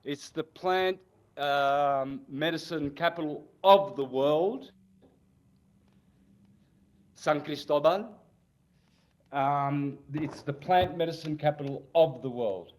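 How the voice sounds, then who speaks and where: Slow-talking man in his sixties. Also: fairly high pitch. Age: 60s. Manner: rambling, animated anecdotes. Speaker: guest. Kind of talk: casual storytelling interview.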